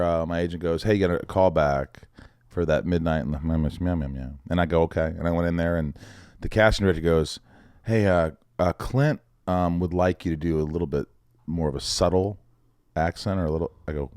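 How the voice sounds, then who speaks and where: A man's voice: low-pitched, a little fast, clean tone, no echo, clean studio sound. A man in his forties, raised in the Midwest, telling show-business stories in a casual chat and acting out other people's lines. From Indiana, US Midwest. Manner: animated storyteller, acts out quotes of others. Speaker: podcast guest, actor.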